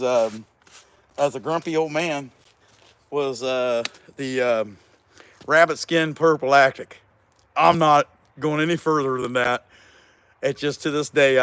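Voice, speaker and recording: A man hosting a chainsaw carving livestream, joking around and rambling as he reads viewer comments aloud. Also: on the high side. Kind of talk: casual livestream chat.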